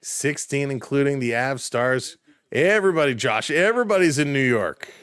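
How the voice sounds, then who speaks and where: A man doing live play-by-play commentary for a stream, calling plays quickly and chatting with viewers in between. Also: mid-range voice, smooth, no room sound, studio quality. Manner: rapid play calls, rising excitement on big plays, chatting with viewers.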